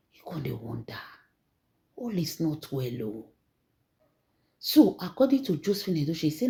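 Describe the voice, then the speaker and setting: Nigerian Pidgin woman telling gossip. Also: fairly low pitch. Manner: animated, repeats words, acts out quotes. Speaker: gossip storyteller. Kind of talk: dramatic retelling in Pidgin.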